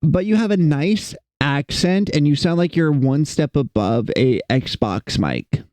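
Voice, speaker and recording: A man's voice: fairly high pitch, expressive, measured pace, darkish tone, no echo. A young man streaming while he draws, chatting with viewers in a rambling, self-mocking, jokey way. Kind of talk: casual livestream chat while drawing.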